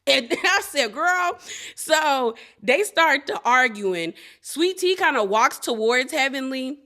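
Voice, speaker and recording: Woman, high voice, bright tone, casual TV recap, animated, acts out quotes. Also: takes it slowly. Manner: animated, laughing, quotes cast members in playful voices. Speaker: reality TV recap host.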